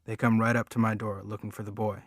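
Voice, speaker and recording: A man's voice: fairly low pitch, level tone, dry recording, clean studio sound. A man reading the part of a nervous, bearded sidekick in an audiobook, talking in a jittery hurry. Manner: jittery, hurried.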